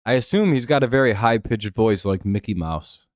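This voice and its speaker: A man's voice: fairly low pitch, lively intonation, normal speed, no room sound. Man, live stream host, casual game commentary, dry delivery, dead dry close mic. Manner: laid-back, dry, chatting with viewers.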